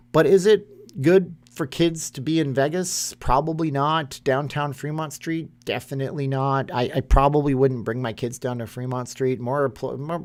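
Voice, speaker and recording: A man, hosting a casual live stream and reading chat comments aloud in a rambling way. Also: mid-range voice. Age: 30s.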